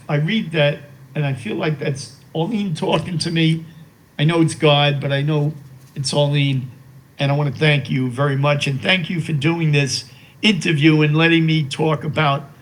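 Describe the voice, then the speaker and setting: An older man speaking as an interview guest, remembering his late wife with emotion, halting over fillers and restarts. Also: fairly high pitch, a bit bright, rough recording. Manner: slow and reverent while reading a poem aloud.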